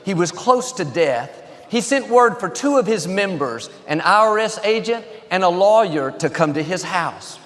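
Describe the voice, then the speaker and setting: A pastor warms up his congregation with jokes, his fairly high voice carrying upbeat, well-paced humor. He is recorded live in a large church auditorium, where the sound rings out in a long reverb. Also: lively intonation. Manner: upbeat joke-telling with pauses. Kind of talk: sermon opening joke.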